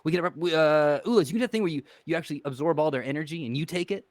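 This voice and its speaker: A man playing a calm, menacing undead hero. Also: mid-range voice, dry recording, natural voice. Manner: measured, persuasive, quietly menacing. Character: adult male undead hero with a put-on accent, calm and persuasive. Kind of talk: in-character role-play.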